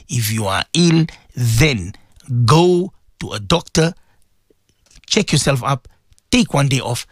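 A man hosting a live morning radio show, talking casually and directly to his listeners in an animated way. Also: mid-range voice, no room sound, clean studio sound. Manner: animated, addresses listeners directly, sprinkles Arabic phrases. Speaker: radio presenter. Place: radio studio.

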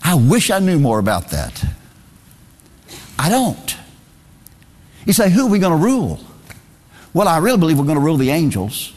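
A man's voice: a little high, wildly swooping pitch, moderate pace, long pauses, darkish tone, big-room sound. A man preaching a sermon, reading scripture aloud in a singsong cadence and repeating phrases for emphasis.

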